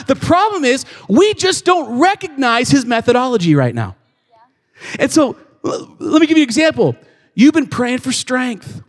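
High-voiced pastor guy preaching, lively storytelling, long church echo. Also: moderate pace. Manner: animated storytelling, acting out scenes. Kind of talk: sermon. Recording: long reverb of a large hall.

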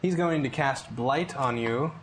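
A man running a tabletop game as game master, narrating in a halting way with many fillers and pauses. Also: medium pitch, a bit bright, slight background noise.

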